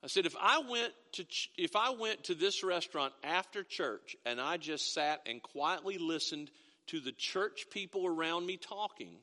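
A man's voice: a little high, animated, normal speed, bright, forceful tone, big-room sound. A middle-aged male pastor preaching a sermon in a folksy, conversational way, telling stories with frequent restarts. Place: church sanctuary.

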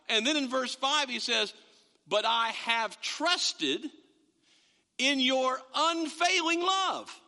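A man's voice: extremely high pitch, gravelly, sharp tone, long reverb tail. A man preaching a sermon, telling a story and stressing the quoted verses with rising emphasis.

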